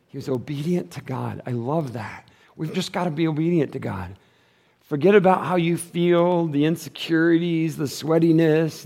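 A man preaching a sermon in a relaxed, everyday register, dropping slang as he talks. His voice sits a little higher than most men's. He moves between loud, emphatic stretches and quiet, low passages. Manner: casual and conversational, with slang like "dude" and "props". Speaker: pastor.

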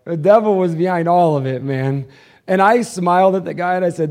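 A man preaching a sermon as pastor, swinging between hushed, intimate passages and loud, fervent ones. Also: high-pitched, fairly quick.

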